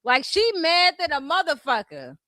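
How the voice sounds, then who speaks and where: A woman's voice: high-pitched, wildly swooping pitch, normal speed, bright, forceful tone, no room sound. A woman from California with a Californian accent, ranting bluntly and profanely at trolls on her commentary vlog. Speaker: YouTube commentary host.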